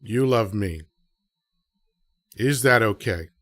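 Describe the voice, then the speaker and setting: A man's voice: on the low side, expressive, slow, a bit bright, dry recording, soft background music. Dry-sounding man hosting a live show. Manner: conversational, rhetorical questions to listeners. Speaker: podcast host. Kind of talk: live audio show monologue.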